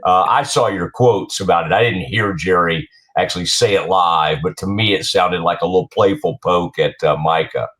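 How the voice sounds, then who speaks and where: Male host, deeper register, loose and conversational, feeling his way through questions. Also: moderate pace, few pauses, a bit bright. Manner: conversational, loose, searching for words. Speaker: podcast host. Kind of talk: casual sports talk interview.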